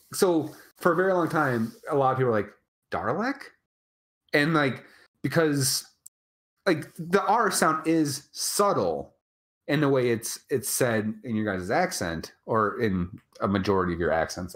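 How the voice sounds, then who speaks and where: An American man co-hosting a casual chat, rambling and halting with many restarts. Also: medium pitch, lively intonation, fairly bright tone. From United States. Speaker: co-host.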